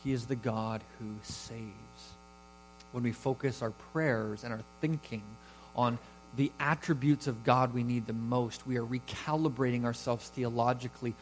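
A man's voice: medium pitch, a little hiss or hum, rough recording. A man preaching a sermon, building emphasis and rising in volume on key words. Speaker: pastor.

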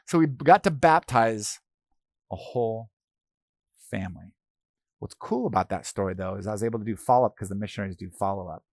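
A man preaching a sermon in a conversational way, telling a personal story with fillers and repeated words, dropping soft for quoted speech and rising for emphasis. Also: lowish voice, expressive, fairly quick, pauses often, no room sound, studio quality. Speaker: pastor.

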